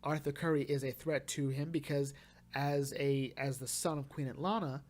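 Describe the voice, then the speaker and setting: A man's voice: mid-range voice, steady tone, normal speed. A young man giving a casual movie review, rambling and gushing with lots of restarts and fillers.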